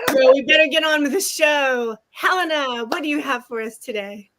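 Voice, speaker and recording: A woman's voice: high voice, moderate pace, a bit bright. A woman hosting a casual chat show, effusive and full of compliments for her guests. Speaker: host.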